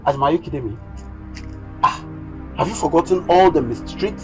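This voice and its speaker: A man's voice: a little high, brisk, darkish tone, lightly acted. A young actor playing a blunt friend who accuses another man of past wrongs, over background music. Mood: accusing. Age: young adult. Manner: accusing, exasperated. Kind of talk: youth drama acting.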